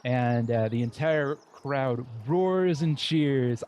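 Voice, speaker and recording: A man narrating as game master of a tabletop game, describing scenes haltingly with many fillers. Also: mid-range voice, a little mellow, highs cut off, slight background noise. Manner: halting, lots of "uh" and restarts while describing scenes.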